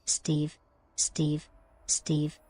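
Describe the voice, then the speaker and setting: A woman voicing a gruff male bear-riding warlord, calling out in slow, drawn-out taunts during a game stream. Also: low-pitched, monotone, mellow, voice pushed down, full character voice. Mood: taunting.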